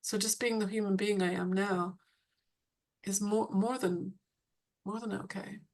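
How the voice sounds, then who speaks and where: A woman's voice: mid-range voice, fairly even intonation, a little slow, darkish tone. A woman coach and author talking reflectively on a video call, restarting sentences and laughing lightly. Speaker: coach and author, webinar guest. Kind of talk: reflective conversational talk.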